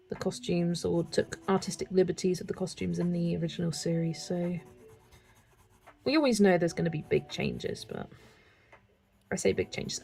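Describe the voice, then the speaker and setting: A young woman, chatting casually and excitably while colouring and answering comments, with music playing softly behind her. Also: on the low side, gravelly, husky, low-quality recording. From England. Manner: chatty, excitable, laughs often. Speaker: colouring livestreamer.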